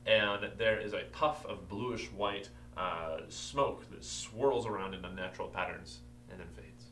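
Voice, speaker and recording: A man runs a tabletop game, voice sitting a touch low but bright and forward in tone. He narrates in halting bursts, full of "uh"s as he lays out each scene, and the room around him rings with a faint hiss underneath. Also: reverberant. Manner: halting, with frequent "uh" fillers while describing scenes. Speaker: game master.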